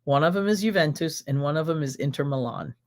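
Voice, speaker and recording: A woman's voice: low-pitched, animated, fast. A middle-aged American woman with an American accent hosts a live stream, chatting exuberantly and rambling through questions and stories. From United States.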